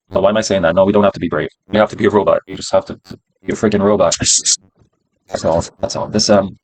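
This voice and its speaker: Low and somewhat dark, this man's voice comes through poor audio with slight background noise. He's live-streaming his day trades, casually talking himself through each one, swearing and repeating phrases as he goes.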